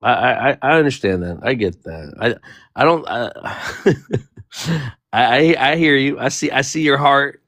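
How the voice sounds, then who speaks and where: A man's voice: medium pitch, a little slow, a bit bright, dry recording, studio quality. A man whose first language is Spanish, talking in a rambling, casual way on an online panel discussion and often restarting his sentences. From United States, near the Bay Area. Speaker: panel participant.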